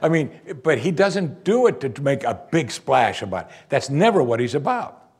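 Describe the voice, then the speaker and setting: A man preaching verse by verse through a Bible passage, animated, breaking off to act out the people he quotes. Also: mid-range voice, moderate pace, breathy edge. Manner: animated, acts out quoted voices.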